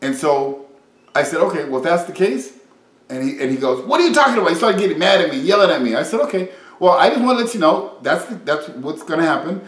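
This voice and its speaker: A man preaching an informal sermon, reading scripture and retelling conversations in a lively, conversational way. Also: a little high, reverberant, low-quality recording.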